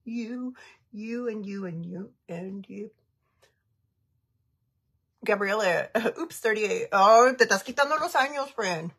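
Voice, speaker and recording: A woman's voice: a little high, animated, measured pace, long pauses, fairly bright tone, husky. A woman in her thirties chatting casually on a makeup livestream, giggling often and reading viewer comments aloud. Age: 30s.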